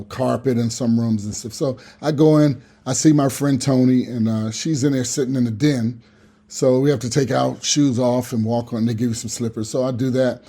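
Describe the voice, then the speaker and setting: Husky, mellow man telling a story. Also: mid-range voice. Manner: animated, acts out other people's lines. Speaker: regular guest. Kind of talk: comic storytelling on a radio show.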